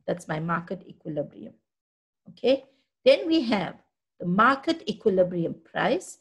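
A woman's voice: mid-range voice, vocal fry, slightly rough. A woman teaching a school lesson, patiently walking learners through graphs and checking that they follow. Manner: patient, checks understanding often. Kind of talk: classroom lesson explaining graphs.

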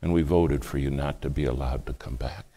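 Man, sermon storytelling, very low pitch, dramatic hushed delivery. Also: fairly quick. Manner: dramatic storytelling, acts out quoted speech, shifts between hushed and loud. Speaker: preacher.

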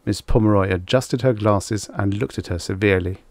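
A man narrating a vintage science fiction story in an expressive, theatrical way, with a slightly croaky voice. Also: on the low side, moderate pace, dry recording. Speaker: audiobook narrator. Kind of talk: scripted narration.

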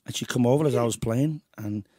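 Man, English accent, husky, dry close sound, casual chatty host. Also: mid-range voice, a little fast, warm tone, no echo. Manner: rambling storyteller, chatty. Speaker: host and musician. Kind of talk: casual interview chat.

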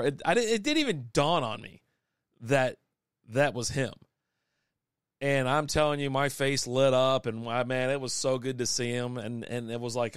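A man's voice: medium pitch, moderate pace, a bit bright, smooth, no echo, clean studio sound. A man, chatting casually and rambling with many restarts as a podcast host. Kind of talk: casual live-stream chat. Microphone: desk microphone.

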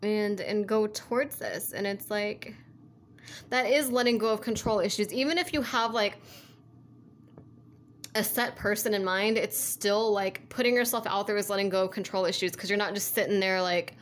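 With a mid-range voice at a moderate pace, a woman reads tarot casually, earnestly coaxing her listener while wandering off track and repeating points. She fills her speech with "like" and "you know," over a faint hiss or hum.

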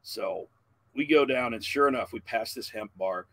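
A man in his forties, a podcast guest, telling a long profane story in a loud, animated way. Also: mid-range voice, moderate pace.

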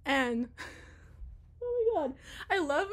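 A woman's voice: high voice, big pitch swings, extremely slow. A young woman chatting casually in a vlog, bubbly and giggly, rambling, a little out of breath. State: out of breath from dancing. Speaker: vlogger and teacher. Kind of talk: casual chat.

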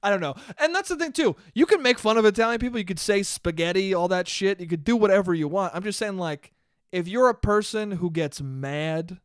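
A man's voice: high-pitched, brisk, clear, resonant tone, no room sound, clean studio sound. A man hosting a casual solo podcast, ranting with frequent laughter and casual swearing. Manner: laughs often, swears freely, animated. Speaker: podcast host.

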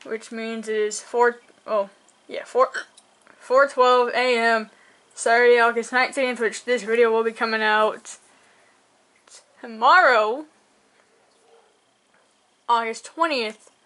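A woman's voice: on the high side, steady tone, slow pace, pauses often, a bit bright. Young woman rambling through a reaction video. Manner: rambling, lots of fillers and restarts. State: hiccuping, up late at night. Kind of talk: casual reaction commentary.

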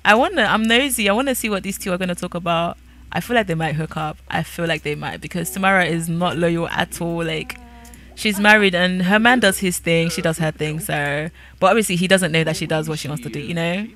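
A woman's voice: on the low side, fairly quick, a bit bright. A woman giving casual, sassy commentary while playing a life-sim game, chatty and nosy. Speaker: gaming creator.

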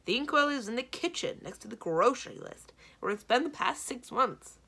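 A woman voicing a brisk, fussing, motherly female giant. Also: lowish voice, big pitch swings, creaky, fairly bright tone, exaggerated voice. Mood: scolding.

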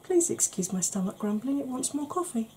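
Woman, 40s, makeup vlog host; mellow tone, faint hiss behind, chatty and self-mocking. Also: high-pitched, a little fast. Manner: chatty, self-deprecating, animated. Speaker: beauty vlogger.

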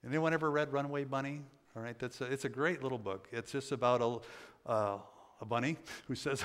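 A man's voice: mid-range voice, moderate pace, fairly bright tone. An older man preaching a sermon as pastor, in a folksy, conversational storytelling manner with many fillers. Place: church sanctuary. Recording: church sanctuary with long reverb.

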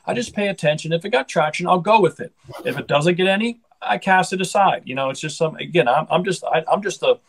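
A man's voice: on the high side, fast talker, gravelly, slightly rough, rough recording. A middle-aged man, a hockey broadcaster, chatting casually in an interview with an upbeat, rambling manner and frequent restarts.

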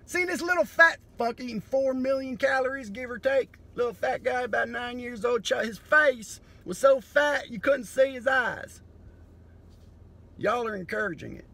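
A man doing a profane, sardonic comedy monologue that breaks into sudden loud bursts. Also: very high voice, normal speed, gravelly.

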